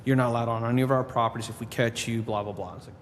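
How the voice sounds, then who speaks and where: A man telling a story in a casual podcast chat, at a middle pitch, quoting the people he talks about. His voice trails off into a long reverb, with a faint hiss behind it. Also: rapid-fire. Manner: animated storyteller, quotes people in his own voice. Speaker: podcast guest, drummer.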